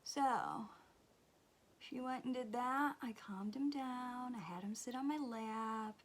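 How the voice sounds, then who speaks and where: A woman in her thirties chatting casually as she does her makeup, exasperated and often dropping to a soft near-whisper. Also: a little high, slow, a little hiss or hum. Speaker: beauty vlogger, mother. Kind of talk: casual storytelling during a makeup tutorial.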